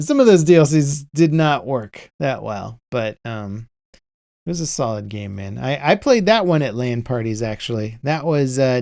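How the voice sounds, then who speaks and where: A man in his thirties hosting a podcast, telling nostalgic stories in a relaxed, rambling way with many fillers. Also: mid-range voice, gravelly, no echo, studio quality. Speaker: podcast host. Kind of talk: casual chat.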